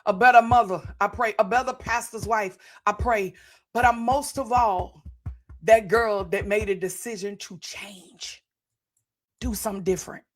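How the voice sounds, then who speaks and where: Speaking a little slowly in a mid-range voice with fairly even intonation, this woman in her forties hosts a podcast. Like a preacher, she gives viewers a fervent motivational testimony and repeats phrases to drive points home.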